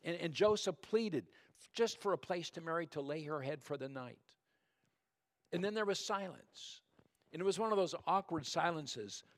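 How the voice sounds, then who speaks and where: A man preaching a sermon as pastor, talking conversationally and speaking straight to the congregation, and dropping to a soft, hushed tone when calling for prayer. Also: on the high side, expressive, moderate pace. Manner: conversational storytelling, addresses the congregation directly.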